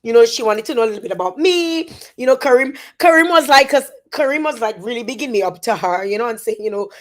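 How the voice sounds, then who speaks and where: A woman with a Dominican accent, talking on a phone live stream. She speaks haltingly and repeats words as she tries to stay composed. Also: fairly high pitch, lively intonation. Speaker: social media influencer. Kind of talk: emotional live-stream monologue.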